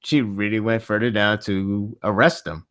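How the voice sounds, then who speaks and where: A man hosting a casual podcast chat, rambling and animated, laughing often. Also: on the low side, normal speed, no echo, studio quality. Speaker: podcast host.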